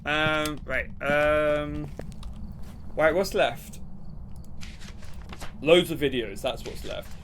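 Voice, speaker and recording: Young man, game streamer, rambling, animated, laughs often, bright voice, slightly high pitch. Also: very slow, long pauses, slight background noise. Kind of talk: casual gameplay commentary.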